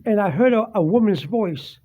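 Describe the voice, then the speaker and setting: High-voiced man telling a spooky experience. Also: expressive. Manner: halting, many fillers and restarts, earnest. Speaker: vlogger. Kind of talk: casual first-person storytelling. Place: home dining room, seated at a table. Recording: dull lo-fi home recording.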